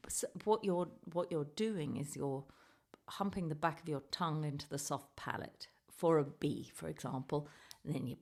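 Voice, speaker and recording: A woman's voice: sits low, normal speed, a little mellow. A woman in her fifties hosting a podcast as a ventriloquist, chatty and self-deprecating in casual comedic talk. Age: 50s.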